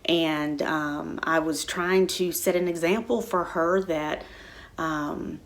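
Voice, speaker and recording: A middle-aged woman talking casually and warmly about her own life, rambling with many fillers and restarts. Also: low voice, steady tone, takes it slowly. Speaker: spiritual center speaker. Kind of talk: casual personal talk.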